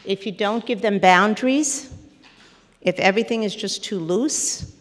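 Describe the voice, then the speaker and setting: A woman therapist lectures parents with energy, slipping into quick acted-out scenes between her points. Her voice sits at an ordinary middle pitch. It rings with the long reverb of a lecture hall. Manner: animated, acts out little scenes with quoted voices. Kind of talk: parenting lecture to a live audience.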